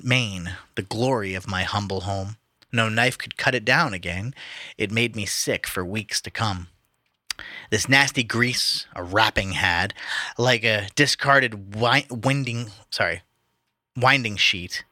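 A man's voice: lowish voice, sharp tone, no echo, studio quality. A man casually reading poetry aloud to friends, stumbling and restarting over words now and then. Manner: reads verse with stumbles, restarts and laughs.

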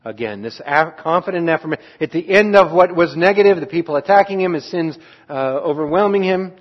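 A man preaching an earnest, reflective sermon on a psalm as a pastor, trailing off softly at times. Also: a little high, expressive, fairly quick. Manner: earnest, reflective, with restarts and soft trailing endings. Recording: dull lo-fi sound.

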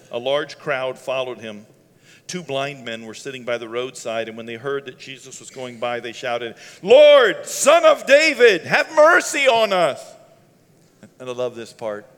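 A man preaching a sermon at a mid pitch, casual and conversational, with chuckles between phrases, then climbing to loud, fervent passages. His voice trails off into a long echo, like sound carried through a large hall. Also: normal speed. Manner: conversational, laughs between lines, rises to loud shouting passages. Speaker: pastor.

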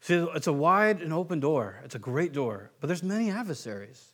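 A man's voice: fairly high pitch, big pitch swings, brisk, fairly bright tone. A man from California preaching a sermon in a conversational, joking way, now and then acting out the voices of the people in his stories. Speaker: pastor.

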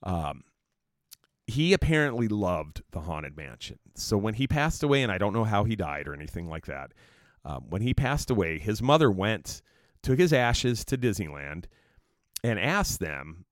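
Low-voiced man rambling through a podcast story. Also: very animated, normal speed, dry recording, clean studio sound. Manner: rambling, loose and profane, lots of fillers. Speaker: podcast host. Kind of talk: casual solo podcast storytelling.

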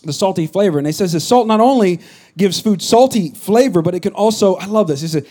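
A middle-aged man giving a sermon with a fairly high voice. He talks casually and jokes with the congregation, then rises into loud, emphatic bursts. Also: expressive, a little fast. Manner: conversational, joking preacher with rising emphatic bursts. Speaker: pastor.

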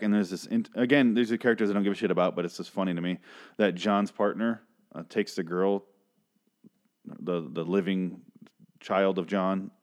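A man casually ranting through a TV episode recap, sarcastic and swearing often, drifting into tangents. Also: low voice.

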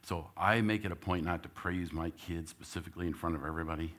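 A man giving a church talk, telling a personal story and loudly acting out what he said as a coach. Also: deep voice, fast. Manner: animated storyteller, gets loud acting out his own coaching. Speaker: church speaker.

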